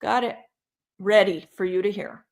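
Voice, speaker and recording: A woman hosting a casual live-stream, talking opinionated and animated while reading and answering her live chat. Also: medium pitch, normal speed. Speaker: livestream true-crime commentator.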